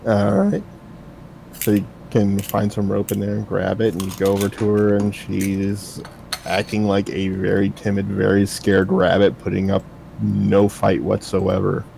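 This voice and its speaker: A man's voice: fairly low pitch, steady tone, a little slow, gravelly, warm tone, a little hiss or hum, rough recording. A man narrating as the game master of a tabletop role-playing game, setting scenes in descriptive detail.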